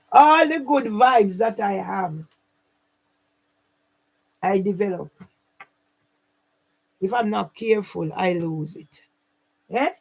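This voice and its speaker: A woman's voice: medium pitch, vocal fry, darkish tone, poor audio. A woman, running her own channel, speaking straight to camera in an angry, accusing and repetitive way. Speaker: channel owner. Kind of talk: angry direct-to-camera rant.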